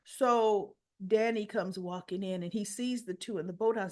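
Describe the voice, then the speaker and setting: A woman's voice: mid-range voice, normal speed. A woman retelling a soap opera episode in a chatty, casual way, often adding "you know" and "right?".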